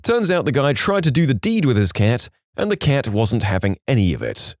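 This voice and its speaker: Lively male storytelling narrator. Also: medium pitch, moderate pace, no echo, studio quality. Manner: lively storytelling with quoted voices. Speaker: narrator of reddit stories. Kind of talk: scripted narration.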